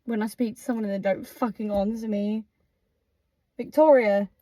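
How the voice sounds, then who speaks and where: A woman's voice: mid-range voice, little pitch movement, fast, warm tone, no echo. A young woman co-hosting a casual chat, talking in a blunt, sweary, mock-scolding way. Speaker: co-host.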